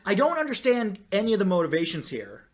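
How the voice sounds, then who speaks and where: A man co-hosting a podcast in casual chat, animated and exasperated, swinging from loud outbursts to low muttering and swearing freely. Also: fast. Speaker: podcast co-host.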